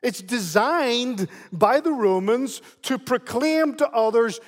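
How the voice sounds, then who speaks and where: Pastor guy preaching, high voice, keeps repeating himself for emphasis, lots of hall echo. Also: animated, takes it slowly, hardly any pauses. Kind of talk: sermon. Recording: long hall reverb.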